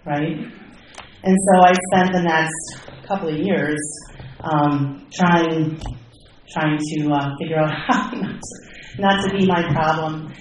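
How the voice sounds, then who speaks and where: A woman's voice: on the low side, steady tone, measured pace, very echoey, far from the mic, a little hiss or hum, low-quality recording. A woman sharing her personal recovery story in a candid, self-deprecating way, with many fillers and restarts. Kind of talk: personal testimony.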